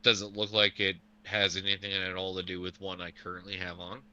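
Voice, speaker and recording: A man playing a tabletop game online, asking eager quick questions. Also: sits low, completely flat delivery, pushed and bright, lo-fi sound. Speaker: player. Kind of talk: casual tabletop play. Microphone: online call.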